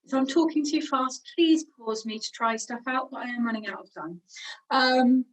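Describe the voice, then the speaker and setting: A woman's voice: high-pitched, normal speed, distant mic, low-quality recording. A young woman teaching singing, chatty and encouraging, demonstrating each sound. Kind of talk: online vocal warm-up lesson.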